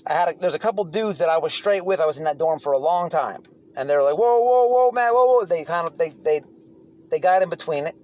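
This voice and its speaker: A man's voice: a little high, quick pace, a little mellow. Blunt, profane man telling prison stories. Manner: blunt, profane, rambling with restarts. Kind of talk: casual storytelling monologue.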